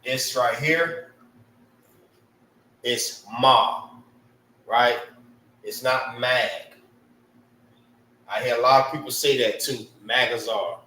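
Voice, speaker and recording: A man's voice: medium pitch, slow, pauses often, bright, forceful tone, reverberant, far from the mic, low-quality recording. A man teaching a casual language lesson, spelling out sounds and often checking in with "right?".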